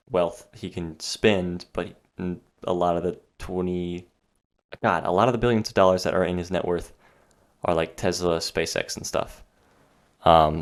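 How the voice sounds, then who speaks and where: Young male podcast host, deep voice, sarcastic rambling monologue, slightly winded. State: out of breath. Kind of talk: solo podcast rant.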